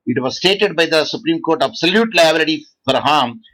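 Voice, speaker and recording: A man from India, giving a law lecture to students, halting often and quizzing the class. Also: fairly high pitch, lively intonation, a bit bright, low-quality recording. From South India.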